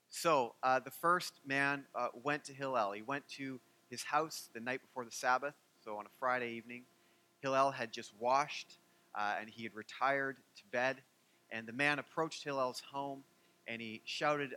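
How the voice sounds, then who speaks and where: A pastor preaching to his congregation in a bright, forceful voice. He is animated and joking, and he often stops on fillers as he tells a story. His pitch sits mid-range for a man. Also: normal speed. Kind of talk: sermon.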